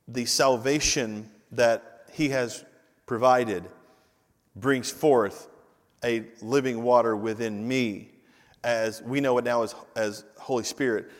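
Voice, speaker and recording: A man preaches a sermon from a church sanctuary, repeating his key phrases and building to loud, emphatic peaks. He breaks off for casual asides to the congregation and the slide operator, in a voice of ordinary male pitch. His words trail off into the long reverb of a large hall. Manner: informal asides to the congregation and tech team. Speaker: pastor.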